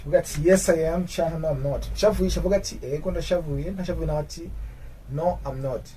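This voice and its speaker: A man teaching an English grammar lesson, explaining in his own language and repeating English example sentences slowly. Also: a little high, warm tone, distant mic, slight background noise, low-quality recording.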